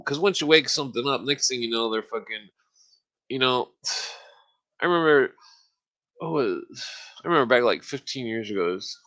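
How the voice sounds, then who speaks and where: An American man talks alone into a podcast microphone in a loose, rambling rant. His voice sits at an ordinary middle pitch, and his speech is thick with swearing. He stops often to clear his throat. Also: sharp tone. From United States. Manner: profane, ranting, frequent throat clearing. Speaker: podcast host. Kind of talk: casual rambling monologue.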